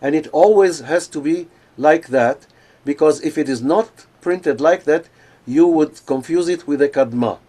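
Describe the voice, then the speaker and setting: An older man giving an academic lecture over a video call, pausing often with fillers and restarts. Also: on the high side, mellow. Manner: hesitant, many fillers and restarts.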